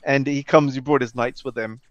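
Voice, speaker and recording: A man guesting on a video call, telling a story in a casual, animated way and putting on voices for the people he quotes. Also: medium pitch, a little fast, no echo, muffled recording. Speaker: interview guest.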